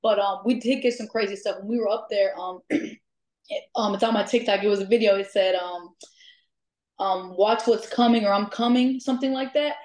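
A woman's voice: mid-range voice, moderate pace. A woman chatting casually as a guest, telling her stories with plenty of laughs and "um"s along the way. Her voice sits in a middling range, and the room around her is echoey. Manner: lively, laughs often, many "um" fillers. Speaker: guest, amateur ghost hunter. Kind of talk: casual storytelling chat.

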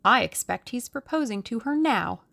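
A woman's voice: a little high, lively intonation, normal speed, vocal fry, a bit bright, pitched above the performer's own voice. A woman voicing a playful young Englishwoman in an audiobook, with a lilting, coy delivery. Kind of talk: audiobook character reading.

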